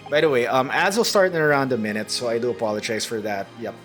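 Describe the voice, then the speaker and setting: A man's voice: mid-range voice, quick pace, hardly any pauses, fairly bright tone. A man streaming a courtroom game, reading its dialogue aloud and making casual asides to viewers. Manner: casual asides between read lines. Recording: game music underneath.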